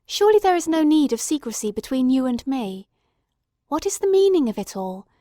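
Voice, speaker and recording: A woman's voice: sits high, sing-song, a little fast, mellow, dry recording, clean studio sound, voice pushed up. Dr. Watson, eager and alarmed, as a woman reads him. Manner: eager, breathless questions. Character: male doctor, loyal companion, excitable.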